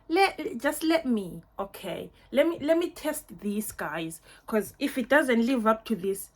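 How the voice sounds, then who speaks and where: Young woman gushing over a perfume, slow and a bit high, lots of likes and oh my gods. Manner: gushing, effusive, lots of fillers and repeats. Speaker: beauty vlogger. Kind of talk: casual perfume unboxing review.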